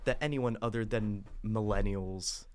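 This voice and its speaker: A man's voice: on the low side, a little slow, slight background noise. A man co-hosting a film podcast, chatting casually with dry, sarcastic remarks. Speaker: podcast co-host. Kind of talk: casual film review chat.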